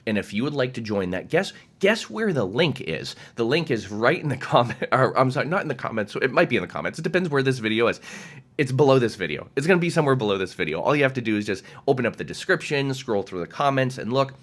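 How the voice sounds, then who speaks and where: A man's voice: mid-range voice, sing-song, fast, fairly bright tone. A man giving a direct-to-camera motivational talk as a coach, emphatic and passionate, swearing freely.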